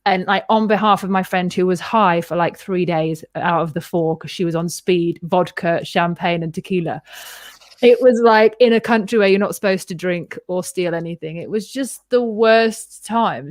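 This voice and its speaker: A woman's voice: fairly low pitch, no room sound, studio quality. A woman co-hosting a podcast, telling a long story in casual chat and acting out the voices of the people in it. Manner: animated storyteller, acts out quoted voices. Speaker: podcast co-host.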